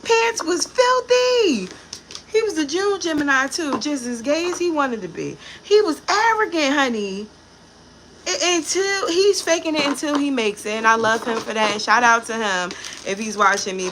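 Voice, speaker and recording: A pregnant woman gives a casual tarot reading to the camera, blunt and profane, drifting into chatty asides about people she has met. Her voice is medium in pitch, and the background is noisy.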